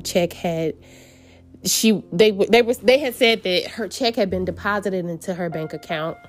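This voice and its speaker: A woman telling a personal story in an earnest, meandering way, with many fillers and restarts. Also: on the low side.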